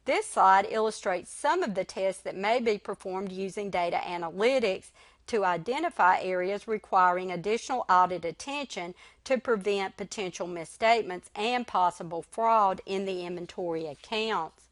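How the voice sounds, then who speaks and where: A woman lecturer reading a recorded slide lecture in a measured way. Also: medium pitch, no echo.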